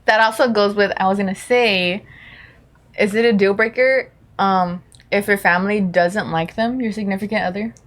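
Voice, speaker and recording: A woman's voice: mid-range voice, steady tone, normal speed. Laughing, slangy young woman co-host. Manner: laughs often, slangy and playful. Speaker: podcast co-host. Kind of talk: casual chat.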